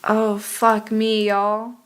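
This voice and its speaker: Slow-talking, swearing woman streamer. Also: medium pitch, monotone. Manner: profane, exasperated muttering while playing. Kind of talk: casual game stream chat.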